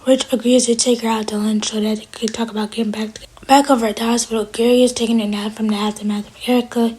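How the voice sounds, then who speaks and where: A woman's voice: a little high, flat delivery, darkish tone, a little hiss or hum, rough recording. A woman recapping a TV episode in a casual, chatty way. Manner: fast, chatty retelling. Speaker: TV episode reviewer.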